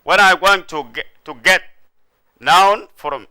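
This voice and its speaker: Male teacher from Sudan, middle-aged; smooth, deliberate classroom delivery. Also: sits high, bright, forceful tone. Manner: slow, repetitive, explanatory delivery with frequent checks for understanding. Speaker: English teacher. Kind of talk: classroom grammar lesson.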